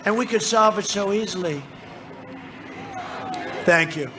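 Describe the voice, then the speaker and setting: A man in his seventies giving a rambling, repetitive, boastful campaign rally speech into a podium microphone, often shouting to the crowd. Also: sits high, a little slow. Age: 70s. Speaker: politician addressing a rally. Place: large rally venue. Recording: noisy live rally sound.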